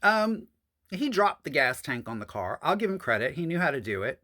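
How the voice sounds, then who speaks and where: A man's voice: big pitch swings, fast, pushed and bright. A man telling a story from his own past in a casual, profane monologue, calling his viewers honey and y'all. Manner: jumps high in pitch for emphasis.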